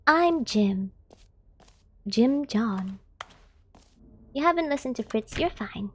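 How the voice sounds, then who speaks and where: A woman's voice: on the high side, lively intonation, slow pace, long pauses, slightly rough. A young American woman streaming a game, chatting casually with a giggly, talkative manner. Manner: giggly, chatty, laughs often. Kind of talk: casual live-stream chat.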